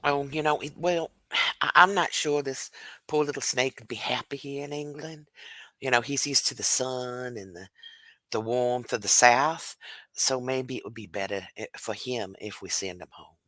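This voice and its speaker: Tabletop player, casual chat, rambling, bright, dry recording. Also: mid-range voice, moderate pace, no room sound. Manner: animated, excitable, rambling.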